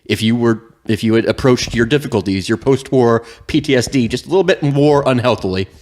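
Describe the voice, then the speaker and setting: A man co-hosting a podcast, recapping a story game in casual chat and breaking into comic voices for the characters. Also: mid-range voice. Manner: animated, jokey, acts out scenes in quick voices and laughs often. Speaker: podcast co-host.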